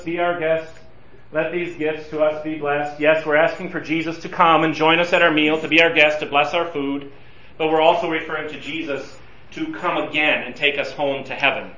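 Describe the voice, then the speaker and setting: A high, bright-voiced man leads a Bible study as a pastor, heard from some distance in a large echoey room. He walks through the verses verse by verse and acts out quoted pleas with animated urgency. The recording sounds a bit dull and distant.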